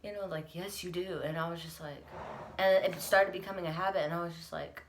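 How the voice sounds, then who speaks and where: Young female vlogger, lowish voice, earnest confessional talk, near tears. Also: steady tone, a little fast, a little hiss or hum. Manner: earnest, reflective, laughs through emotion. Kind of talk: candid confessional vlog.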